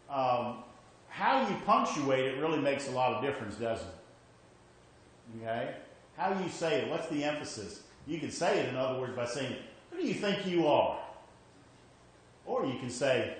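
A man's voice: mid-range voice, fairly bright tone, slight background noise. A man preaching a sermon, emphatic, repeating his points and often checking in with "okay?". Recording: very echoey hall with faint ambience.

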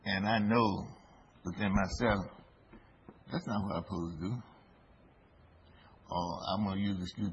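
A man preaching a sermon in a slow, deliberate way, his voice rising for emphasis. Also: sits low, fairly even intonation. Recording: dull lo-fi recording with faint background noise.

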